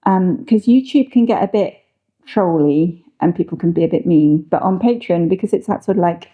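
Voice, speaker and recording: Breathy woman, lo-fi chat. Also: on the low side, normal speed. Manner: chatty, filler-heavy, laughing easily. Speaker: co-host. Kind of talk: casual chat.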